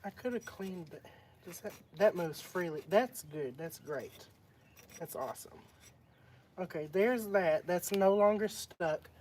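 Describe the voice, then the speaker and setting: A man's voice: sits high, measured pace, darkish tone, slight background noise. A man chatting casually to live-stream viewers, muttering to himself as he works on a repair. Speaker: livestreamer. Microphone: phone.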